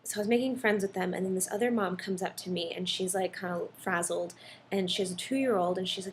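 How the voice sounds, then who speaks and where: A young mom talks casually to her viewers in a mid-pitched voice, rambling through stories with plenty of ums and likes. There is a faint hiss of noise behind her. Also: quick pace. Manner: chatty, storytelling, many ums and likes. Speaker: vlogger, mom. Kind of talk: casual chat.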